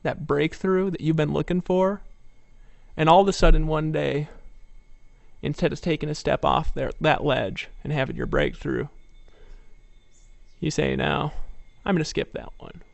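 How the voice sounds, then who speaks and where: Male presenter, fairly high gravelly voice, persuasive motivational pitch, dry sound. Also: fairly even intonation, measured pace, no room sound. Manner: persuasive storytelling, rhetorical questions. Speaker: network marketing presenter. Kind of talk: motivational sales talk.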